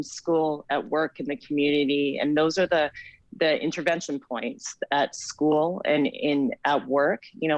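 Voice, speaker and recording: Halting woman guest on a video call. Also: low-pitched, no echo, poor audio. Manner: halting, restarts phrases often. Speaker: author and community plan co-chair, guest. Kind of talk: remote interview over video call.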